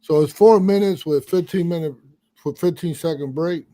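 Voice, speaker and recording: A boxing coach chats casually on a livestream in a slightly high voice at a moderate pace. He's animated, walking through how fights get scored with demonstrations.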